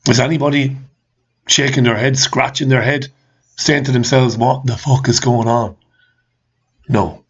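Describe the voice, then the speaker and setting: An exasperated man hosting his own commentary show, firing the same questions again and again and swearing freely. His voice sits at an ordinary pitch for a man. The recording is slightly dull and lo-fi. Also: fairly even intonation, a little slow, long pauses, breathy edge. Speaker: host. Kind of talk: ranting commentary.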